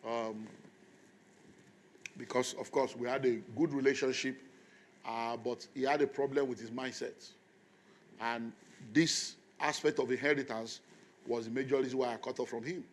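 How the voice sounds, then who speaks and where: A middle-aged man with a Nigerian accent preaches to a congregation, his voice sitting at an everyday middle pitch. He tells a long personal story and then turns to the crowd, telling them to repeat lines to the people beside them. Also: slight background noise. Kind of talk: sermon.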